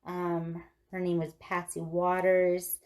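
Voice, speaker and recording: A woman co-hosting a podcast, telling a true-crime story in casual, lively chat and cursing freely. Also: on the low side, takes it slowly. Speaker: podcast co-host.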